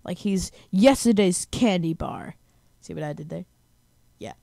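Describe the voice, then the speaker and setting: A young woman hosting a gaming channel, giving excitable let's-play commentary with bursts of repeated words. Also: lowish voice, unhurried, creaky, no room sound, clean studio sound.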